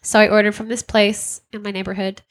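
A woman telling an animated story in casual chat, swearing freely and acting out what people said. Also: mid-range voice, brisk.

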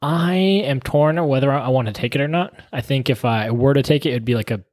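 A male firefighter chatting casually, relaxed and laid-back. His voice has a middle pitch and a dry, close sound. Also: brisk, dry recording. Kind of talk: casual chat.

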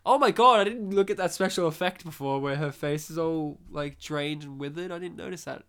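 A man's voice: fairly high pitch, brisk, a bit bright, clear, resonant tone. Male podcast co-host, opinionated and jokey, watching a film along. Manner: joking, opinionated, does silly voices. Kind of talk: casual movie commentary chat.

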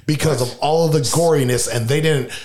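A man's voice: fairly high pitch, fairly quick, darkish tone. A man co-hosting a casual podcast, swearing freely and acting out quotes in a raised voice. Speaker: podcast co-host. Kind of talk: casual profane chat.

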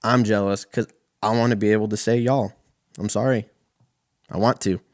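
A young man from California telling a profane, animated stand-up story. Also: on the low side, normal speed, no room sound, clean studio sound. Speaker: comedian.

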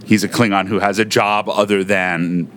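A man co-hosting a podcast in casual chat, thoughtful and quick to correct details. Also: lowish voice, level tone, fairly bright tone, a little hiss or hum. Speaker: podcast co-host.

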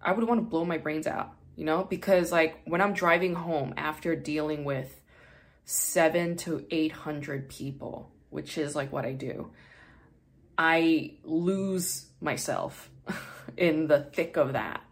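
A woman's voice: low voice, fairly even intonation, a little slow. A woman hosting a podcast who chats casually and candidly, swearing freely and laughing often; English is her second language. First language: not English. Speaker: podcast host.

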